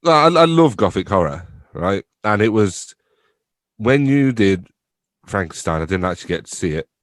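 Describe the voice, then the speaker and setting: A young English theatre-company runner, chatting casually in an interview, mocks himself, laughs frequently and swears loosely. His lowish voice swings widely in pitch at a moderate pace, captured dry at studio quality.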